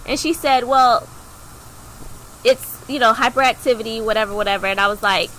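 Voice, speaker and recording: A young woman co-hosts a podcast, chatting through a personal story in a loose, filler-heavy way. She acts out each quoted voice with sudden leaps in pitch. Her voice sits a bit high, with a sharp, bright edge. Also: normal speed, slight background noise, poor audio. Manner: animated, acts out quoted dialogue with big pitch jumps. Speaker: podcast co-host.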